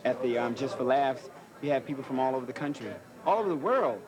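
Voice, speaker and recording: A man speaking quickly and enthusiastically in a festival interview. A loud crowd surrounds him. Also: medium pitch, animated. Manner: enthusiastic, halting.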